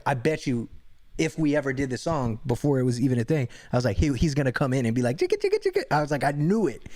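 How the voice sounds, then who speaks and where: A man's voice: mid-range voice, no room sound, studio quality. A man on a livestream answering fan questions, telling rambling stories full of swearing and restarts. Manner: profane, excited, rambling with many restarts. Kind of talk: casual storytelling Q&A.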